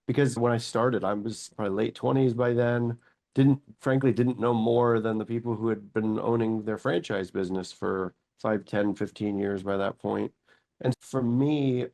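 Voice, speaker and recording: A man in his forties, a company chief executive, telling his story in a casual interview with lively anecdotes and quoted thoughts. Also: fairly low pitch, creaky. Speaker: company CEO, guest.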